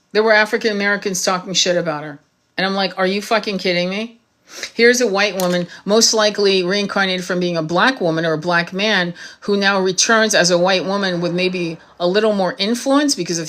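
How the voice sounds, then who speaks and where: A woman's voice: mid-range voice, fairly bright tone. A woman tarot reader giving an impassioned monologue to her viewers, blunt and heated, swearing freely.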